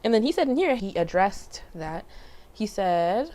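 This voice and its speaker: A young woman talks to camera in a loose, rambling way, circling back and correcting herself often. Her voice sits at an ordinary middle pitch, and she peppers her story with fillers and soft laughs. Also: big pitch swings, a little slow. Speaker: vlogger. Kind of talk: casual personal storytelling.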